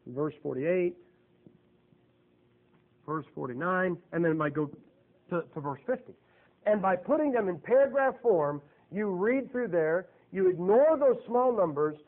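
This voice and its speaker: Male preacher, high voice, folksy and emphatic, keeps quizzing the congregation; thin, phone-like recording. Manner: folksy, emphatic, rhetorical questions to the audience. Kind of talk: sermon. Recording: tinny, phone-like sound.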